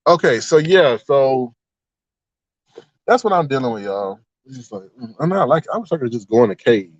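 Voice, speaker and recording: Animated man ranting on a livestream. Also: mid-range voice, normal speed, no echo. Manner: animated, rambling, exclaims and laughs often. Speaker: livestream host. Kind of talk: casual livestream chat. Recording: slightly dull, dry sound.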